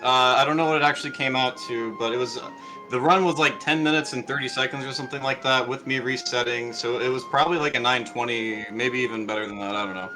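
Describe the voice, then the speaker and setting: A man's voice: medium pitch, quick pace, music in the background, rough recording. A middle-aged man chatting casually after a speedrun, rambling with lots of fillers and restarts. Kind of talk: casual post-run chat.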